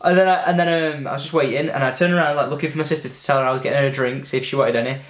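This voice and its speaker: Talking very fast in a steady, mid-range voice, this young gaming vlogger casually recounts stories from his childhood. He's loose and chatty, curses freely and fills his speech with fillers, all in a room with noticeable echo.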